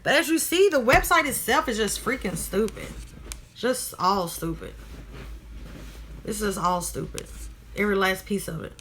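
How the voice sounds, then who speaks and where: A woman's voice: medium pitch, normal speed, long pauses, fairly bright tone, a little hiss or hum. Blunt, irritated woman vlogging. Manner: irritated and blunt, swears freely; talks straight to viewers as y'all. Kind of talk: casual commentary to camera.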